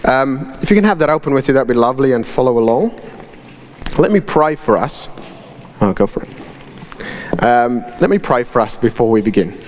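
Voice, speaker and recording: A man preaching a sermon in church, telling stories in a lively way with frequent ums. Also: mid-range voice, a little fast, big-room sound, a little hiss or hum.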